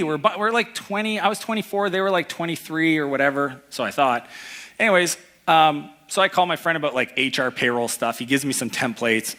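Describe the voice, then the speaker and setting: A man giving an energetic motivational talk to a live audience, telling personal stories and acting out the people in them. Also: medium pitch. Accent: Canadian. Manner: energetic storytelling, acts out voices in anecdotes. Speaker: keynote speaker. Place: event hall before a live audience.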